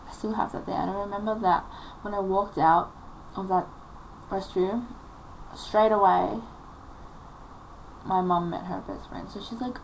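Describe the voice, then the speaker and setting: A woman's voice: mid-range voice, steady tone, a little slow, creaky, pauses often, a little hiss or hum, poor audio. A woman in her late teens telling a personal story on a confessional vlog, emotional and rambling, full of filler likes. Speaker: vlogger.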